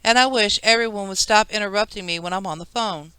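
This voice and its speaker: Stressed snappy mom, lady narrator doing her, crisp dry voice. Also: mid-range voice, fast, sharp tone, no echo, close to an everyday voice. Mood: harried. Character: harried, sharp-tongued mother.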